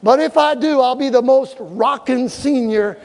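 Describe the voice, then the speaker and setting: Preacher guy with a super high voice, jokey stories then hollering, big echoey church, crowd faint behind. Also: unhurried. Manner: animated, humorous storytelling with shouted exhortations. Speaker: pastor. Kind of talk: sermon. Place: church sanctuary.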